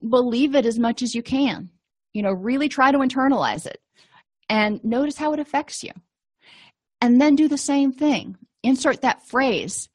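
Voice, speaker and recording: A woman's voice: high-pitched, moderate pace, dry recording, clean studio sound. A middle-aged woman therapist teaching a skills lesson in a conversational, explanatory way with casual asides. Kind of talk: lecture.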